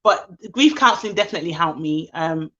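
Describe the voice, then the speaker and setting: Woman, bright forceful voice, candid heartfelt live chat, dull lo-fi audio. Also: deep voice, expressive, fairly quick. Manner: candid, heartfelt, reads out comments. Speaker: livestream host. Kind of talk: casual live chat to viewers.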